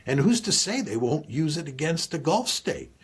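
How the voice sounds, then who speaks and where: A man's voice: on the high side, big pitch swings, normal speed, breathy edge. A male analyst explaining regional politics with rhetorical questions. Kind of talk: analytical commentary.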